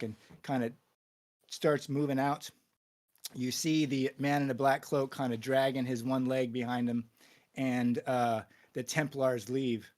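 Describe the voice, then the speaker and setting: A man narrating as game master for a tabletop game, in a casual, halting way full of fillers. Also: medium pitch.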